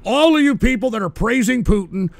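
A man hosting a call-in stream, ranting angrily and profanely, shouting in bursts. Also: extremely high pitch, animated, brisk, vocal fry, no room sound. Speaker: radio show host.

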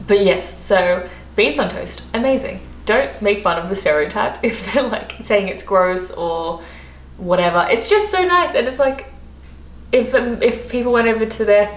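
A young Australian woman chatting casually to camera in her vlog. She talks in a chatty, animated way and laughs often. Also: medium pitch. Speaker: vlogger. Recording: echoey room, faint background noise.

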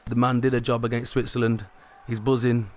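A man commentating his own football video game match as he plays, excitable and rising sharply in pitch at big moments. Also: brisk. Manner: excitable, rises sharply at goals. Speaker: gaming commentator.

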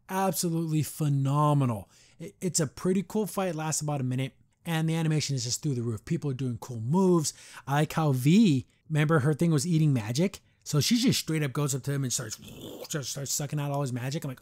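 A man hosting a podcast, casually rambling through an animated episode recap and paraphrasing the characters as he goes. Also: mid-range voice. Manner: rambling, animated retelling with quick paraphrased quotes. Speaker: podcast host.

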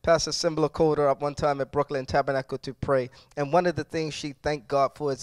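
High-pitched male pastor preaching, dry close sound, gets loud then quiet, asks the crowd for amens. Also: fairly even intonation, fairly quick, hardly any pauses, dry recording. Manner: preaching with call-and-response, swings from quiet to loud. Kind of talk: sermon.

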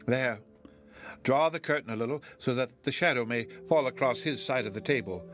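A man voicing an agitated, tearful old gentlewoman who pleads in trembling, urgent, hushed tones. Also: mid-range voice, moderate pace, faint music behind, lightly acted.

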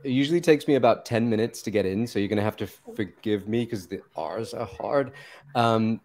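A man's voice: fairly low pitch, a little fast, darkish tone. A man with a British accent who laughs often, chatting casually as an audiobook narrator and accent coach. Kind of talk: casual chat.

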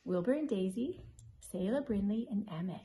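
An older woman, a grandmother, reading a riddle picture book to her grandchildren, gently and playfully quizzing them. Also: mid-range voice, lively intonation, normal speed. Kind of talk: bedtime story reading to grandchildren.

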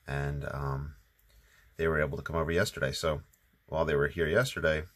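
A man hosting his own watercolor channel, talking through a painting in a relaxed, rambling way with lots of ums, still a bit sleepy. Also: rumbling low, fairly quick. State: sleepy, just waking up. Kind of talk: casual painting tutorial narration.

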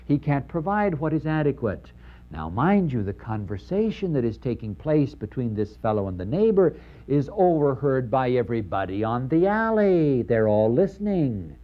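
The audio is dull as a man lectures on the New Testament parables in a medium-pitched voice at a moderate pace. He speaks with animated emphasis, putting rhetorical questions to his audience and acting out the quotes.

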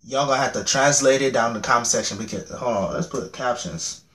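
A young man reacting to a music video, joking, swearing freely and getting loudly excited. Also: mid-range voice, fairly quick. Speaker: reaction channel host. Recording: echoey room with music playing. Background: music video playing loudly.

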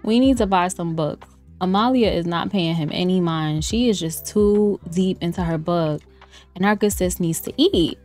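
A chatty woman narrates her life-sim gameplay in a loose, playful way. She jokes with her viewers and laughs often. Soft lo-fi music plays faintly behind her voice. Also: on the low side, moderate pace. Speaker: gameplay streamer. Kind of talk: casual let's-play commentary.

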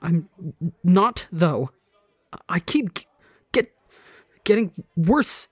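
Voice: medium pitch, little pitch movement, unhurried, warm tone, dry recording, clean studio sound, lightly acted. A reader voicing a choked, tearful young man. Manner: choked and faltering.

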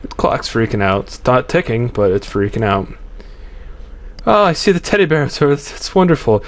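A man's voice: mid-range voice, very animated, moderate pace. Jumpy man commentating a horror game. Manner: jumpy, swears often, reads game text aloud. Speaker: let's play commentator. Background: game music.

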